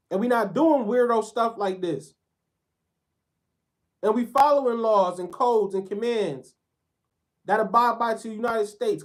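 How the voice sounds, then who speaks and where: Dude going off on a sports rant, slangy, blunt, cussing a lot. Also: male voice, very high-pitched. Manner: fired-up, slangy, blunt and profane. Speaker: sports commentator. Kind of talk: heated sports commentary rant.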